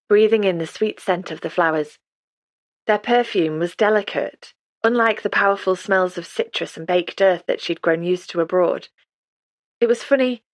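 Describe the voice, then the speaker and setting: Woman narrator, low voice, calm measured audiobook read, dry studio sound. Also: no echo. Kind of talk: scripted narration.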